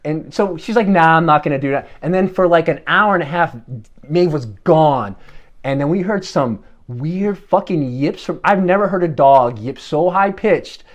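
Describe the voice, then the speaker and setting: A comedy performer telling a profane, excitable story in a mock band interview. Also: medium pitch, normal speed. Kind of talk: improv mockumentary band interview.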